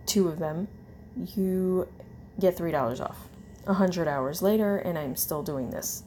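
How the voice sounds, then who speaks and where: A woman in casual chat, reading a long list of coupons in a slow, tired way, with fillers and self-corrections. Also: on the low side, mellow, a little hiss or hum. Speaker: vlogger.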